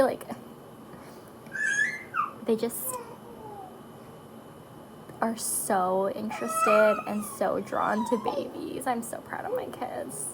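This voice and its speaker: A talkative woman in her thirties chats at home about her kids while doing her makeup. Her voice sits a touch high, and she wanders between topics with plenty of likes and ums. Steady background noise runs under the recording. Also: moderate pace, long pauses. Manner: chatty and emotional, drifting between topics with frequent likes and fillers. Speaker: vlogger and mother of four.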